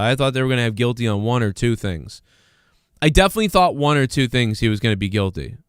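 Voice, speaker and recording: A man with a lowish, clear and resonant voice hosts a livestream, recorded clean in a studio with no echo. He rambles through casual commentary full of fillers and restarts, turning sarcastic and mocking as he reads the chat aloud.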